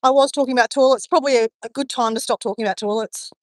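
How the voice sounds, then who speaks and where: A rambling, chatty woman talks into her phone as she strolls a beach for a live stream. Her voice sits a little high. The sound is close and dry. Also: steady tone, very fast, no room sound. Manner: rambling and chatty, greets viewers while walking. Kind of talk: casual live-stream chat. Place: outdoors on a beach.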